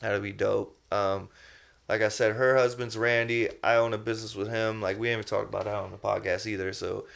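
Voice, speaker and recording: A man's voice: on the low side, little pitch movement, fairly quick, creaky, a bit bright. A young adult man hosting a podcast, telling stories loosely and casually, full of "you know what I mean" and "man". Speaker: podcast host. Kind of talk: casual interview chat.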